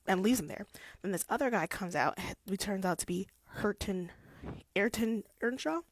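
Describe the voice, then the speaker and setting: A young woman talks through a classic novel in a relaxed, playful vlog voice, now and then acting out characters. Her voice sits mid-range, and the recording is close and dry with little room sound. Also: medium pitch, dry recording. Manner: chatty, playful, acts out characters with quick voices. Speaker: book vlogger. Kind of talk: casual chat.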